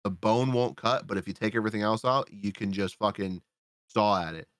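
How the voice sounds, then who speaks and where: A man's voice: lowish voice, brisk, a bit bright, no echo, clean studio sound. A man casually recapping a movie on a podcast, rambling and swearing freely as he acts out his own reactions. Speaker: podcast co-host reviewing a film.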